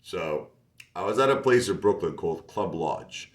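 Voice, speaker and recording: Male singer-songwriter, low voice, loose rambling delivery, echoey room. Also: lively intonation, moderate pace. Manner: rambling, full of "like" and asides. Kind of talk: casual storytelling monologue. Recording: roomy echo with faint music behind.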